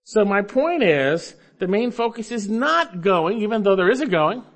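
A man preaching an expository sermon, emphatic, coaxing listeners along with rhetorical questions and swinging between loud stresses and low asides. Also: sing-song, moderate pace. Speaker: preacher teaching Bible grammar.

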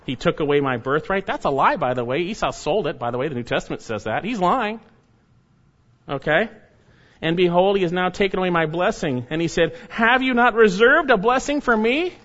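A man with a fairly high voice preaches a verse-by-verse sermon, reading scripture and then pressing his point home with loud, emphatic exhortation. The recording is muffled and lo-fi. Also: lively intonation, brisk. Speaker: pastor. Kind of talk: expository sermon.

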